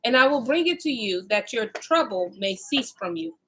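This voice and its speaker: A woman's voice: a little high, lively intonation, moderate pace, bright, forceful tone, a little hiss or hum. A woman reading the lines of an earnest, devoted grown son, in her own voice. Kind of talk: reading scripture aloud.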